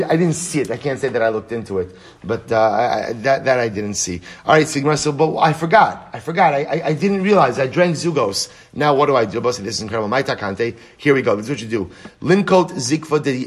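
A man teaching a Talmud class, animated, chanting quotes slowly and restarting his sentences often. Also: mid-range voice, husky. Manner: stammering restarts.

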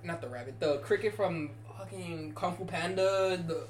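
Young adult, casual chat, animated storyteller, swears a lot, mid-pitched voice. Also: normal speed. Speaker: podcast co-host.

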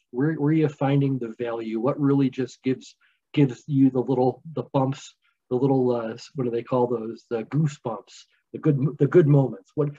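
A man's voice: mid-range voice, warm tone, husky. A man hosting a podcast interview, asking long, rambling questions with restarts. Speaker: podcast host. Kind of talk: casual interview chat. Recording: dull lo-fi sound.

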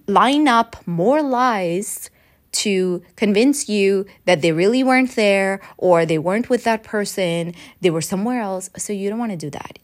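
A woman talking straight to her viewers and coaching them through advice tips, now and then acting out sample lines. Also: medium pitch. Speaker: advice presenter. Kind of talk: direct-to-camera advice talk.

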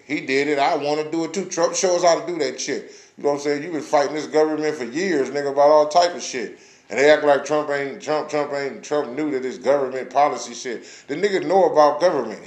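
Heated, profane man in an echoey room. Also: on the high side. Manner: blunt, passionate, profanity-laden. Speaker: vlogger ranting on camera.

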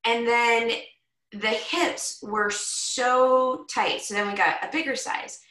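A woman hosting a podcast interview who talks in a chatty, animated way and fills her speech with "like.". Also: on the high side, takes it slowly, recorded from a distance. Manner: chatty, animated storyteller with frequent "like". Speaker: podcast host. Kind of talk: casual conversational interview. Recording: roomy echo, set back from the mic.

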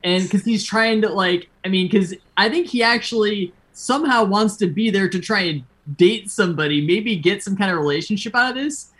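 A woman's voice: mid-range voice, moderate pace, hardly any pauses, a bit bright, breathy edge. A woman co-hosting a casual chat, thinking aloud with lots of fillers.

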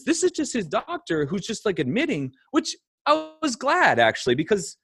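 Lively man telling a story, dry sound. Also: sits high, normal speed, hardly any pauses, slightly rough, dry recording. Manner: animated storytelling, laughs often. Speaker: podcast guest. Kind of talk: casual conversation.

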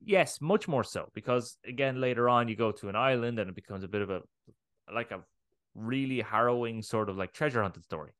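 A man co-hosting a podcast, chatting casually, animated, swearing freely and laughing often. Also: medium pitch, a little fast, clear, resonant tone, dry recording, studio quality. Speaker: podcast co-host. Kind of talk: casual chat.

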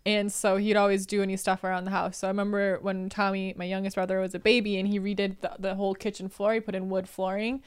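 A woman guest on a podcast, telling stories casually. Her voice is clear and smooth at a middling pitch. She laughs often as she talks. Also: level tone, fast, hardly any pauses. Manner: laughs often, giggly storytelling. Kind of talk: casual storytelling.

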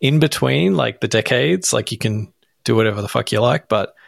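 A man's voice: mid-range voice, lively intonation, normal speed, vocal fry, dry recording. A man in his late thirties co-hosting a podcast, chatting casually and bluntly, swearing offhandedly. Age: 30s. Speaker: podcast co-host. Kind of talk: casual chat.

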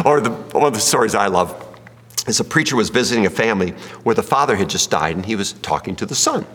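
A male pastor preaches with a husky, lively voice that rises and falls a lot. He jokes, tells little stories and turns to the room with questions. His words carry a long reverb from the hall. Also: lowish voice, fairly quick. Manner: folksy, joking, asks the room questions. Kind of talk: sermon with jokes and audience questions.

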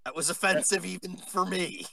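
Male podcast co-host, higher voice, bright and tense, gravelly, blunt. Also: fairly even intonation, normal speed, no room sound. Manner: crude, blunt, heckling. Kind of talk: rowdy casual chat.

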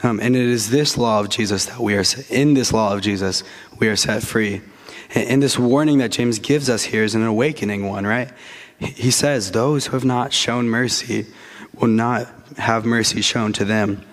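A male pastor delivers a sermon in an earnest, mid-pitched voice. He often restarts his sentences with a repeated "and." He slows right down to stress the phrases that matter most.

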